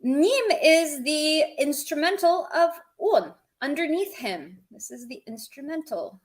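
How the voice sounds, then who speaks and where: A woman's voice: sits high, expressive, unhurried, rough recording. A woman teaching a live-streamed language lesson, explaining words one at a time with chatty asides to her viewers.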